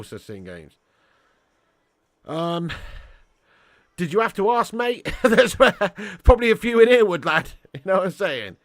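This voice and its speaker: A man's voice: high voice, sing-song, a little slow, long pauses, a bit bright, dry recording. A British man hosting a live football watch-along, chatting casually and reading out viewer comments. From Britain. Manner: chatty, laughs often, calls viewers mate and lad.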